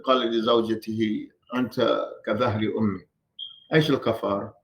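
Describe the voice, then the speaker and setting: A man's voice: lowish voice, fairly even intonation, racing. A man giving a religious lesson in a mosque, firing rhetorical questions at his listeners and repeating phrases for emphasis. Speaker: religious teacher. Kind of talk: classroom-style religious lesson. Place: mosque hall.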